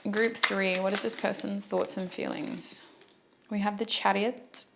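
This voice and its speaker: A woman's voice: mid-range voice, steady tone, measured pace, gravelly, background noise. A woman giving a casual tarot reading, chatty and joking, breaking off to apologize and correct herself. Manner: chatty, jokey, self-interrupting. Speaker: tarot reader.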